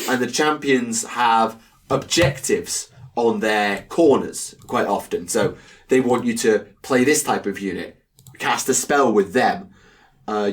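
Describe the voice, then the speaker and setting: A man co-hosting a casual hobby podcast, chatty and quick to laugh, with many fillers. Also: lowish voice, recorded from a distance. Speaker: podcast co-host.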